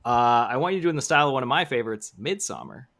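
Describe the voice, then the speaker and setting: A man's voice: medium pitch, very animated, very fast, gravelly, a bit bright. A man who produces and co-hosts a podcast, chatting in a playful, teasing way. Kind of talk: casual chat.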